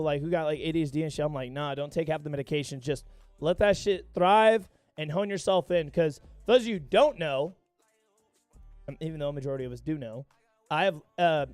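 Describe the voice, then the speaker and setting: High-voiced, profane young streamer guy. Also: darkish tone, no echo. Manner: profane, rambling storyteller. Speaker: gaming livestreamer. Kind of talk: casual live stream chat.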